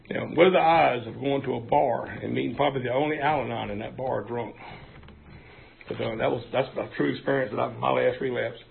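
A man tells his recovery story in a frank, folksy way, his voice deeply gravelly with heavy fry. The recording is thin and phone-like, with a faint hiss behind him. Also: fairly even intonation, brisk. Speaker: speaker sharing at a recovery meeting. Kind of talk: personal recovery testimony.

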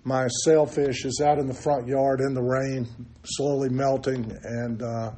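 A man's voice: mid-range voice, flat delivery, a little slow, warm tone. An older man shares his recovery story at a meeting, candid and self-mocking. He tells it loosely, with plenty of ums and restarts. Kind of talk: personal recovery testimony.

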